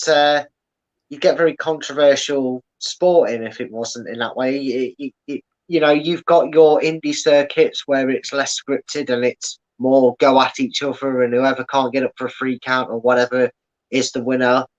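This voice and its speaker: A man's voice: medium pitch, steady tone, normal speed. Chatty man on dull lo-fi audio. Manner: chatty, filler-heavy, explanatory. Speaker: podcast host guest. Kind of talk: casual chat.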